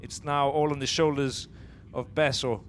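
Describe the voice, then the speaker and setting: A man's voice: medium pitch, fairly even intonation, normal speed, slight background noise. Chatty man commenting a live esports match. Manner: chatty, laughs easily, thinks aloud mid-sentence.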